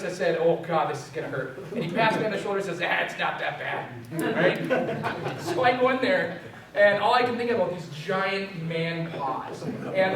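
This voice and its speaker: High-voiced young man in an echoey room. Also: distant mic. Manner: animated, self-mocking, stammering for effect. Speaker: resilience trainer. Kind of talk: storytelling talk to a group.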